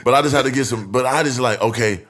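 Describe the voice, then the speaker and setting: A man's voice: medium pitch, fast, over music. A man in casual podcast chat, telling a story with heavy slang, acting out voices and laughing often.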